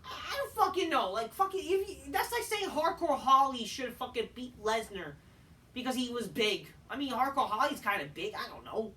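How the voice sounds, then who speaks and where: A tired man casually reviewing a wrestling show, rambling and swearing, often erupting into shouted rants. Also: very high-pitched, lively intonation, moderate pace. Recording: distant mic with faint background noise.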